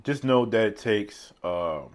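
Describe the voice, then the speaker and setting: A man's voice: fairly low pitch, takes it slowly. A man talking casually while eating a meal on camera. He rambles from one thought to the next and chuckles often at his own remarks, recorded on a phone set on a tripod. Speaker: mukbang vlogger. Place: seated indoors at a meal.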